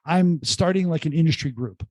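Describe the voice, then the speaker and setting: A middle-aged man, an entrepreneur guest, telling his story in a casual podcast interview with animated, joking asides. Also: on the high side, moderate pace, dry recording. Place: remote call.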